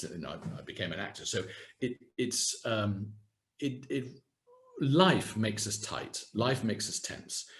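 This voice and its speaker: A man in his sixties, a communication coach giving a live online workshop over a video call, animated and self-deprecating as he demonstrates exercises. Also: on the low side. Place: home setting, UK. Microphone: video call webcam.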